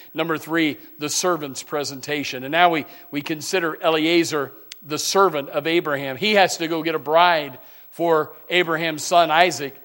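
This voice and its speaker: Fervent preacher, loud then hushed. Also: male voice, fairly high pitch. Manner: many restarts and repeated words; reads scripture in old-fashioned wording. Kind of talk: sermon.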